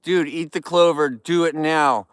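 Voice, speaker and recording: A man's voice: a little high, steady tone, a little slow, a bit bright, smooth, no echo. A man hosting a casual live vlog outdoors, talking straight to viewers in an upbeat, rambling way. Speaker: outdoor livestream host. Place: outdoors in the wild.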